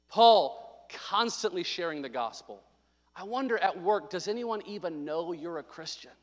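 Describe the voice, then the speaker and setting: A male pastor preaching a sermon, telling a story with loud bursts and sudden drops to quiet. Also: sits high. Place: church sanctuary. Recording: long hall reverb.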